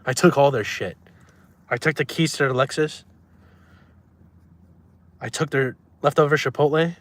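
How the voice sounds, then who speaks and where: Deadpan young man trolling his livestream chat. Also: mid-range voice, normal speed. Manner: reads chat aloud and answers in a deadpan, trolling way. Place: in a car.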